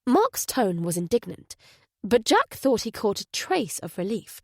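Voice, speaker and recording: Woman narrating an audiobook, steady and even, dry close sound. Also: medium pitch, no echo. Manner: measured, even storytelling. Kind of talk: scripted narration.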